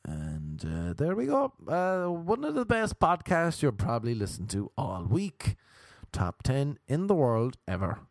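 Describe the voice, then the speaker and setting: A man's voice: medium pitch, wildly swooping pitch, unhurried, creaky, dry recording, clean studio sound. A young Irish man hosting a comic podcast, rambling through self-mocking stories and plugs with jokey asides. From Ireland. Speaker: podcast host and comedian.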